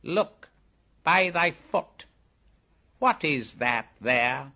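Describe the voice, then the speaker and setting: A man voicing an ancient, evil male white cobra in an audiobook, slow and lisping with a menacing, gloating manner. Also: on the high side, animated, pushed and bright, pitched above the performer's own voice, heavily acted. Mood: sly. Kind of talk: audiobook character voice.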